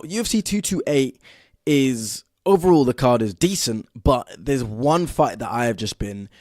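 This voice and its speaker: A young man from southern England hosts his own podcast, talking straight to the listener with real excitement and plenty of ums along the way. His voice sits at an ordinary middle pitch, and the sound is dry and close, with no room echo at all. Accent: Southern English. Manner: excitable and energetic, lots of fillers. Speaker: podcast host. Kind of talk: solo podcast monologue.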